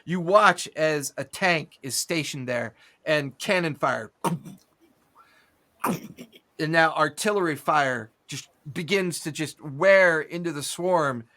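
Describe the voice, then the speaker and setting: A man runs a tabletop game, narrating a battle in cinematic detail while keeping a relaxed, chatty delivery with the odd filler. His voice is bright and forceful and sits a touch high. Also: slow. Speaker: game master.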